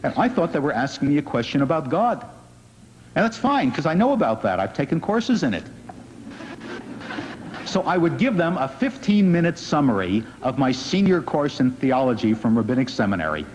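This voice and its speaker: A man, a rabbi, giving an inspirational public talk in an earnest, gently wry storytelling manner. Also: on the high side, big pitch swings, normal speed, a little hiss or hum. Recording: dull lo-fi recording in a reverberant hall.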